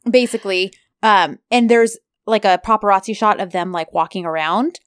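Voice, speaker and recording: A woman's voice: mid-range voice, normal speed, clean tone, no echo, clean studio sound. Chatty woman recapping a show. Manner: chatty, gushing, quotes characters. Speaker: podcast co-host. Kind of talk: casual recap chat.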